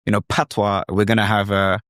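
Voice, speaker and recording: A man's voice: fairly low pitch, level tone, fairly quick, fairly bright tone, no echo, studio quality. A man hosting a podcast in conversation, thoughtful and searching for words with frequent fillers.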